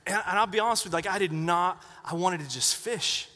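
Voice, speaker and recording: A man's voice: high-pitched, brisk, hardly any pauses, pushed and bright, slight background noise. A middle-aged man preaching, telling a chatty story full of asides and acted-out quotes to his congregation. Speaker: pastor. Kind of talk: sermon story. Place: church sanctuary. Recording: long reverb of a church hall.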